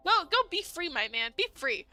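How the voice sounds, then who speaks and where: A young woman streamer reacting live to a dating game, animated and indignant, laughing often. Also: high voice, normal speed, soft background music.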